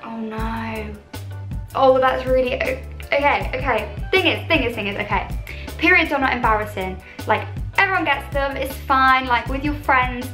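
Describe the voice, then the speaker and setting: A woman's voice: high-pitched, moderate pace, sharp tone. A young British woman chatting in a bubbly, self-deprecating way as she reacts to viewer confessions on her vlog. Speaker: YouTuber. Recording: echoey room with faint music.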